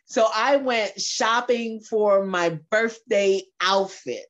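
A woman, co-hosting a podcast and telling a story in a lively, animated way with quick repetitions. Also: medium pitch. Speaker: podcast co-host. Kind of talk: casual chat. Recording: dull lo-fi recording.

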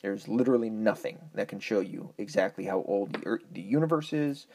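A man's voice: on the low side, expressive, a little fast, darkish tone, slight background noise. A man ranting in a casual monologue, profane, rambling and argumentative, often correcting himself.

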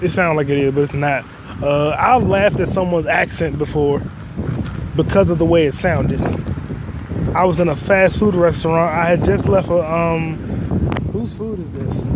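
Rambling podcast man with a cold. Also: fairly high pitch. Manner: rambling, deadpan jokey, swearing. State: has a cold, coughing. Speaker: podcast host. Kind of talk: casual solo monologue. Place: outdoors on a city street. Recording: street noise clearly audible. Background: passing cars and street noise.

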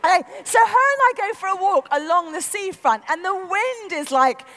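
High lively lady preaching, big swoopy voice, echoey church hall. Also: moderate pace. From North London. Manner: animated, acts out voices, laughs often. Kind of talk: lively storytelling sermon.

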